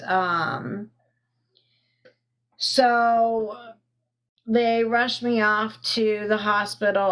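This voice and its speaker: A woman telling a personal story on a live stream into a phone, halting with frequent pauses and fillers, stopping to thank viewers. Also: medium pitch, pushed and bright. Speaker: livestreamer telling her own story.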